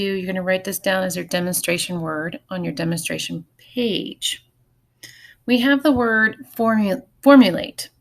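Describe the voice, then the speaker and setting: A woman teacher talks through a recorded phonics lesson at a mid pitch. She is patient and clear and takes each step slowly, and her voice has a gravelly fry.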